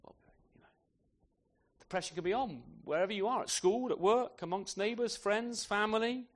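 A man's voice: high-pitched, normal speed. Man preaching in tag questions. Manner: conversational, rhetorical tag questions. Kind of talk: sermon.

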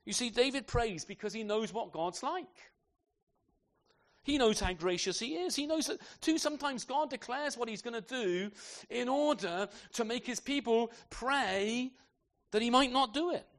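A man preaching an expository sermon in a church, animated, asking his listeners rhetorical tag questions and restarting phrases as he goes. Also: very high-pitched, measured pace. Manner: repeats words as he restarts phrases. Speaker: pastor.

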